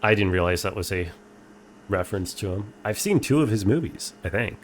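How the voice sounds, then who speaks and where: Low-voiced man streaming a game. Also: lively intonation, brisk, slight background noise. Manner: reads game text aloud, chats dryly with viewers. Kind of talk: casual game playthrough commentary.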